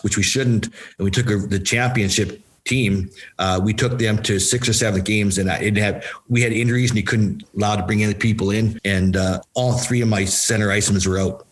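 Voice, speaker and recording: An older man with a somewhat low voice spins long stories as an interview guest. He acts out quoted lines from other people and keeps repeating words for emphasis. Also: poor audio. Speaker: guest, former hockey player and coach. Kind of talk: storytelling interview answers.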